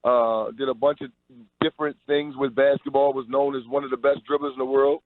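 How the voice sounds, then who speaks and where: A man's voice: mid-range voice, level tone, fairly quick, no echo. A man, a pro basketball player, giving an upbeat radio interview over the phone, stumbling into restarts as he talks. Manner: upbeat, promotional, with repeated restarts. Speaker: Harlem Globetrotters player, guest. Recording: tinny phone line.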